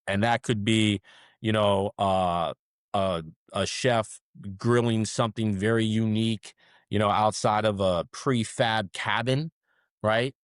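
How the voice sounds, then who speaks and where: A man guest on an interview podcast, telling animated stories and often ending his points with "right?". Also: lowish voice, slow, clean tone, dry recording, studio quality. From South Florida. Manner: animated storyteller, tags many sentences with "right?". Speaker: restaurant management co-founder, guest. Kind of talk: conversational interview.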